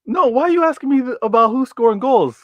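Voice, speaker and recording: A man co-hosting a casual football debate, pushing back with measured, wry answers that hedge before they commit. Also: very high-pitched, expressive, no echo, muffled recording. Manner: measured, wry, hedging rebuttals. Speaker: co-host.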